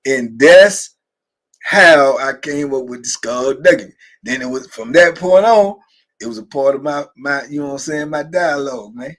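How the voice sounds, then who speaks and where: A man's voice: medium pitch, moderate pace, a bit bright. A man hosting a livestream, telling loose, laughing stories and answering viewer comments as he goes. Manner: laughing, loose conversational storytelling with frequent asides. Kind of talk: casual storytelling to a live chat.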